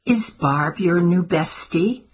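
A woman voicing a clever, earnest young woman in an audiobook, speaking briskly and a little bossily, higher than her own voice. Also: breathy edge. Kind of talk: audiobook character voice.

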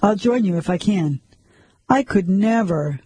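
A man's voice: high-pitched, expressive, measured pace, a little mellow, slightly rough, no echo, heavily acted. A man voicing a loving, emotional woman on the phone in a storybook reading, in his own voice. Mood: tender. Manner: emotional, devoted.

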